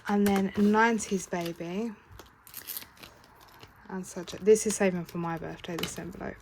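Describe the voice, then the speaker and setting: A woman's voice: medium pitch, steady tone, moderate pace, darkish tone, low-quality recording. A British woman talking through her savings in a casual vlog, chatty and counting aloud, sometimes stopping to correct herself. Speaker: budgeting vlogger. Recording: clear background noise with keyboard clicks.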